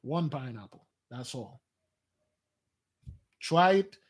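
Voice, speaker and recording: A man delivering an animated preaching monologue, swinging between loud outbursts and low mutters. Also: takes it slowly, breathy edge. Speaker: spiritual teacher.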